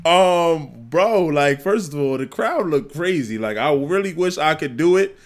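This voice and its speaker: Young male reactor, slightly high voice, excitable and rambling, casual street slang. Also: a little slow. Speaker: music reaction channel host.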